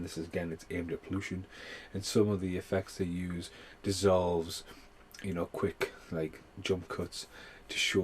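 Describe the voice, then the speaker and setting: A man's voice: sits low, darkish tone, slight background noise. A man giving a rambling, heavily sworn casual film review, full of fillers. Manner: swears a lot, rambling with many fillers. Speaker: movie reviewer.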